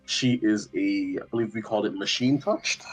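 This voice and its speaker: A man's voice: fairly low pitch, normal speed, husky, faint music behind. A young man casually recapping a tabletop game session, rambling and joking with lots of swearing. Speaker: tabletop player.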